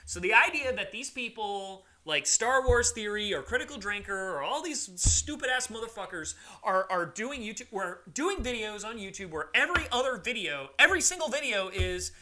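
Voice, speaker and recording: A man's voice: sits high, animated, normal speed, few pauses, bright, forceful tone. A man co-hosting a podcast, talking emphatically in a casual, ranting way and often repeating himself. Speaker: podcast co-host.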